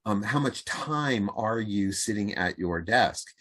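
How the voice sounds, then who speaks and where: A man speaking as a podcast guest, a communication coach and author, talking in an animated way and acting out the voices he quotes. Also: on the low side, slow. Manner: animated, acts out quoted voices, laughs easily. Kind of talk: conversational interview.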